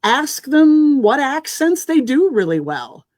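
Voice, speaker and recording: A woman audiobook narrator, a guest on a talk show, chatting in a lively, practical way. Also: high-pitched, slow, no room sound, studio quality. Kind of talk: casual chat.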